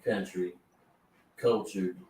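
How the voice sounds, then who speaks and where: A man's voice: low-pitched, fairly even intonation, slow, warm tone, low-quality recording. A man with a nasal, congested voice giving dry, brief replies. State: congested from sinus infection.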